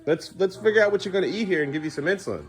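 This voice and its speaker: A man's voice: sits high, racing. A man filming a casual home vlog, coaxing his kids along and talking to the camera. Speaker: parent vlogger. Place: family home kitchen.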